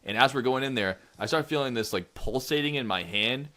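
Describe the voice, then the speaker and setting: In a medium-pitched, pushed and bright voice, a podcast co-host in his twenties talks fairly quickly. His casual chat is a meandering, profane story with the quotes acted out.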